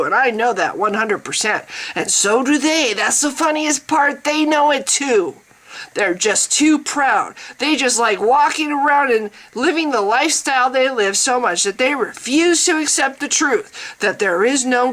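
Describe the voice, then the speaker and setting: A woman's voice: fairly high pitch, a bit bright, rough recording. A woman playing a smug, self-certain man who preaches and mocks others in a repetitive rant. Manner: mocking, preachy, repetitive ranting.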